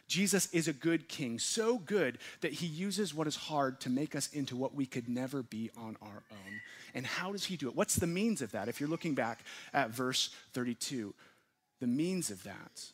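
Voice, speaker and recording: A man preaching a sermon to his church, earnest, putting questions to the listeners and swinging from forceful emphasis to hushed, quiet phrases. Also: mid-range voice, animated, moderate pace, slightly rough. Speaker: pastor.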